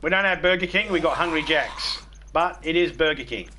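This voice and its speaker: Brisk and a little high, with a sharp edge, the voice belongs to a middle-aged Australian game streamer. It's casual chat: rambling, freely profane, and bluntly funny.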